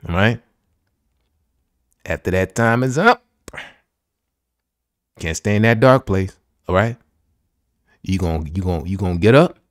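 A man's voice: low-pitched, slow pace, long pauses, no room sound, studio quality. A man hosting a podcast, giving an emphatic, repetitive motivational pep talk full of slang. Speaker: podcast host.

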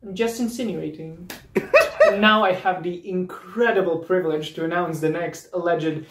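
Recorded on a distant mic in a roomy space with faint noise, a Serbian drag performer, a man, tears into a comedy roast with mocking punchlines and laughs. He speaks at normal speed in a high-pitched, steady tone.

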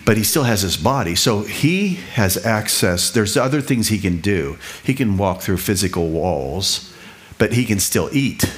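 A middle-aged man preaching a sermon, talking in a casual, conversational way with repeated phrases and quick asides. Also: lowish voice, lively intonation. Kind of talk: sermon teaching.

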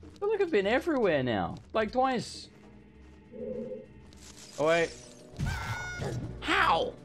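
A man's voice: high-pitched, huge pitch swings, measured pace. A young man streaming a blind let's play, talking to himself as he gets lost and frustrated, swearing often. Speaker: gaming streamer. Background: game music.

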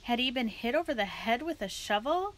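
A woman librarian reading a children's book aloud in a gentle, steady storytime style. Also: fairly high pitch, fairly quick.

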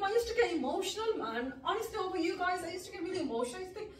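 Racing along with hardly any pauses, this UK-based vlogger of Mirpur, Pakistan heritage speaks in a very high voice with lively intonation. The middle-aged woman laughs often and slips in Punjabi words while chatting to camera. Expect an echoey room, a distant mic, and slight hiss or hum.

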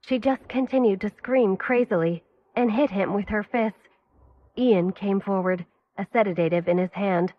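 A woman reads a dramatic story in a steady, even narrating voice. Her pitch sits in the middle of the range. The recording is dull and lo-fi. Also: unhurried. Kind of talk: scripted audiobook narration.

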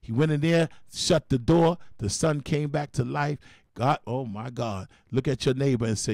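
Gravelly-voiced preacher with dramatic delivery. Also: male voice, mid-range voice, normal speed, warm tone, dry recording, clean studio sound. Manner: folksy, dramatic preaching with repeated call-outs. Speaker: bishop and preacher. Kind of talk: storytelling sermon on gospel radio.

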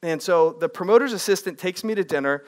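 Man, speaking coach, high voice, lively, quizzes the audience. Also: fast talker. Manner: energetic, asks the audience questions. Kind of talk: live workshop presentation. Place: room with a live audience.

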